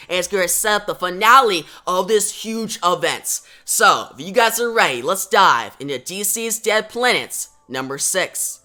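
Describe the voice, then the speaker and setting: Bright, excited comic book reviewer. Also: mid-range voice. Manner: excited, emphatic recap with rising bursts. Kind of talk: casual comic review recap.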